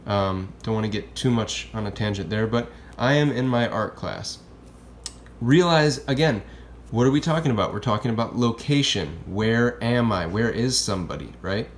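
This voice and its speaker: A man's voice: lowish voice, normal speed, a little hiss or hum. Chatty man teaching a language lesson. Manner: casual and chatty, checks in with "okay?" and "right?". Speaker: Spanish teacher. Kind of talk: classroom lesson explaining grammar.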